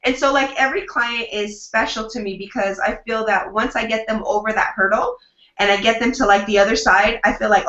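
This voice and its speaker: This is a woman publicist in a casual interview, talking in an upbeat, chatty way. Her tone is bright and forceful. She acts out snippets of what she says to clients. The recording is roomy and somewhat lo-fi. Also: fairly high pitch, fairly even intonation, brisk. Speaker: publicist, guest. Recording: roomy, dull lo-fi sound.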